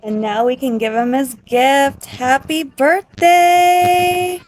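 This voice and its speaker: A woman giving casual, excitable commentary over a life-sim game, gushing and giggly. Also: fairly high pitch, measured pace, rough recording. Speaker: gaming creator.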